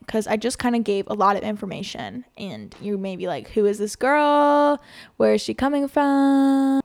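A woman in her twenties hosting her own podcast, talking in an earnest, chatty way with lots of "like" and restarts. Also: a little high. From USA. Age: 20s. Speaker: podcast host. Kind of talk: casual solo podcast talk.

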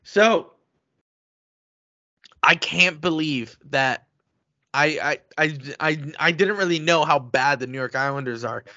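A man co-hosting a casual sports podcast, excitable and quick to get heated as he rants. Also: fairly high pitch, no room sound, dull audio. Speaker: podcast co-host.

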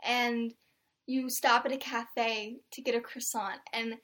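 A woman's voice: fairly high pitch, little pitch movement, slow pace, fairly bright tone. A young woman hosting a casual podcast chat, telling stories with dramatic flair. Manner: chatty, dramatic storyteller. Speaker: podcast host.

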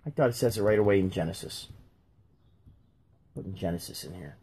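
A man's voice: sits low, expressive, fairly quick, warm tone, slightly rough. A man hosting a casual talk, reading Bible verses aloud and joking about them as he goes. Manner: jokey, talks while flipping through pages. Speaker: podcast host reading scripture.

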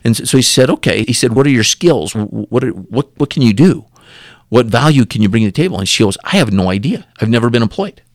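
A man's voice: mid-range voice, expressive, quick pace, no room sound, studio quality. A man, a podcast guest, telling a story and acting out the dialogue in it, often repeating and restarting words.

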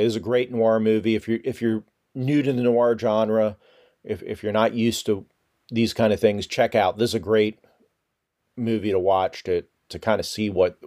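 Low-voiced man hosting a podcast. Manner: relaxed, rambling with restarts. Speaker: podcast host. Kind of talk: casual podcast talk.

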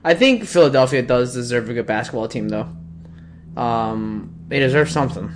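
A man's voice: mid-range voice, normal speed, a little hiss or hum. A man in his late twenties co-hosting a casual podcast, swapping sports talk and telling stories, acting out the people he quotes. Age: late 20s. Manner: animated storyteller, acts out quoted people with a raised voice. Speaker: podcast co-host. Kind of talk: casual chat.

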